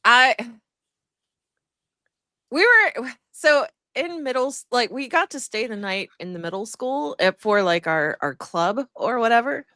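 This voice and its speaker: Woman streamer rambling thru a story w lots of ums, high bright voice, dry sound. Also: expressive, unhurried, no room sound. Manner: laughing, rambling with many fillers. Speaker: guest streamer. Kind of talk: casual storytelling on a livestream.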